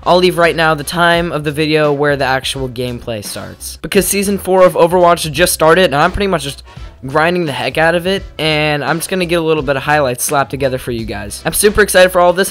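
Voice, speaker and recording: His voice is on the high side and a bit bright. A young gaming YouTuber at his home setup, he chats casually over his gameplay through a desk mic with a pop filter, rambling self-deprecatingly and letting out jumpy exclamations.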